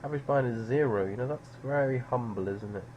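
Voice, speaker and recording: A man's voice: medium pitch, fast, a little mellow, muffled recording, slight background noise. A man streaming live poker, musing over players in a dry, sardonic way.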